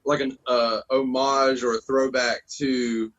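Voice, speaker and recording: A man's voice: medium pitch, level tone, slow, fairly bright tone, highs cut off. A man, a band vocalist on a podcast, chatting loosely and profanely, calling people bro. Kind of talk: casual podcast chat.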